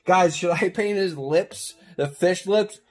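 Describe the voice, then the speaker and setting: A man's voice: high voice, slow pace, soft background music. Goofy rambling man in a basement. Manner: goofy, rambling, keeps saying guys, crude jokes. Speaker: YouTuber coloring on camera. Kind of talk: casual rambling commentary. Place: home basement.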